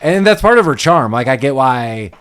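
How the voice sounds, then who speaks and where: A man talking through a comedy film in a casual chat. His pitch sits mid-range and he keeps it lively and amused. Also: moderate pace. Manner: animated retelling of scenes, laughs often.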